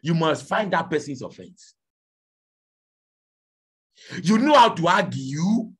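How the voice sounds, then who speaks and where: Fiery high-pitched preacher man. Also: slightly rough. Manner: shouting, pleading, rhetorical questions. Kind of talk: fiery sermon.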